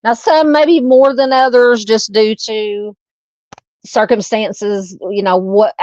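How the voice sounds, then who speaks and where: A woman's voice: fairly high pitch, steady tone, slow pace, a little mellow, dry recording, lo-fi sound. A woman with a Southern US accent hosting a casual true crime live stream, rambling and chatty as she talks with viewers. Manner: rambling, chatty, lots of "you know" fillers.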